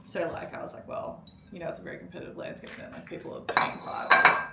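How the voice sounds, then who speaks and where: A young woman vlogging at home in casual chat, chatty and wry, with lots of "like". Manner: chatty, wry, talks fast with many likes. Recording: echoey room, far mic, loud noise.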